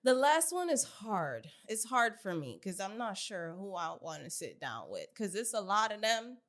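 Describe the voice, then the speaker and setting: A woman's voice: mid-range voice, big pitch swings, moderate pace, fairly bright tone. A young woman co-hosting a podcast in casual chat, giggly and emphatic, repeating herself to make a point. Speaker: podcast co-host.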